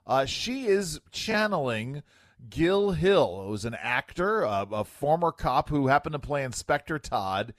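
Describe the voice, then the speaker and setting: A man's voice: a little high, unhurried, no echo, clean studio sound. A man hosting a talk radio show, giving wry commentary with lots of fillers. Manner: wry, animated, filler-heavy. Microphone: studio microphone.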